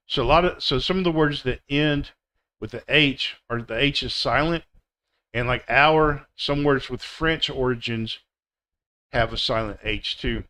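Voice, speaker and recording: A male teacher runs a live pronunciation lesson with a bright, clear voice. He speaks very slowly and deliberately, repeating each word so learners can copy it. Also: medium pitch. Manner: slow, deliberate, repeats words for drill. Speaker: English teacher.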